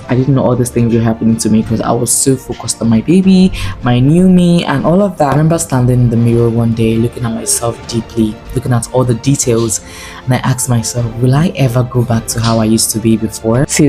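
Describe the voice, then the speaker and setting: A young woman talking candidly to camera in a lifestyle vlog, earnest and confiding with lively asides. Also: rumbling low. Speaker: lifestyle vlogger.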